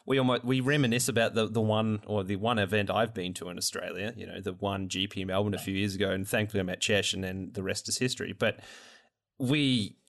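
A man's voice: on the low side, fairly even intonation, brisk, gravelly, a bit bright. A man hosting a casual podcast chat, rambling with frequent restarts and fillers. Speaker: podcast host.

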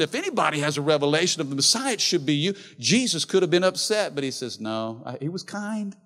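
A man preaching a sermon as pastor, passionate, swinging between loud emphasis and soft, quiet lines. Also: fairly high pitch, lively intonation, brisk, hardly any pauses. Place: large church hall. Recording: reverberant church hall.

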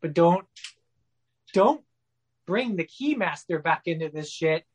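A man's voice: fairly high pitch, animated, slow pace, breathy edge. A man ranting in casual podcast chat, profane and exasperated, often restarting his sentences. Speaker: podcast co-host or guest.

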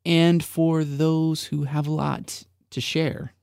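A man's voice: fairly high pitch, level tone, slow pace, vocal fry, darkish tone, no room sound, studio quality. A man co-hosting a faith podcast, talking earnestly with a preacher's emphasis on his points. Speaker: podcast co-host. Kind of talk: reflective faith podcast talk.

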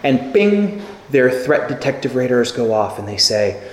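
A man preaching a sermon, telling stories with lively acted-out quotes. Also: mid-range voice, unhurried. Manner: animated storytelling with acted quotes. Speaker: pastor. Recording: echoey hall with long reverb.

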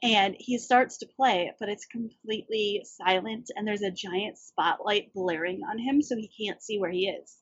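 A woman co-hosting a casual movie podcast, recapping scenes in lively detail. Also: medium pitch, moderate pace, few pauses, husky, dry recording. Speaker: podcast co-host. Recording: dull lo-fi audio.

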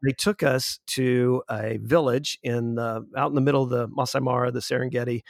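A man in his forties tells a story with earnest, halting sincerity, often restarting his sentences. His voice has a gravelly edge and sits at a middle pitch. The sound is dry and close, with no room around it. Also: fairly even intonation, dry recording. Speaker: guest. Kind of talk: conversational storytelling.

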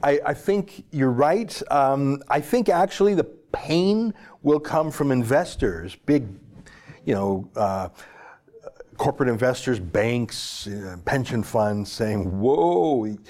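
A Canadian man hosting a talk show, measured and opinionated as he responds and comments. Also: medium pitch, lively intonation, darkish tone. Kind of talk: broadcast talk.

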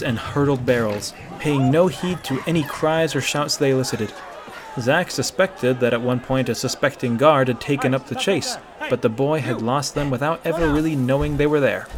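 A man's voice: medium pitch, slight background noise. Man narrating a fantasy chapter. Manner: steady, expressive narration. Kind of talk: audiobook reading of fan fiction.

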